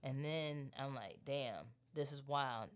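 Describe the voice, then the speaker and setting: A man co-hosting a podcast, telling a story in a loose, profane, animated way and quoting the people in it. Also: medium pitch, takes it slowly, clear, resonant tone. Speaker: podcast co-host. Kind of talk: casual chat, storytelling.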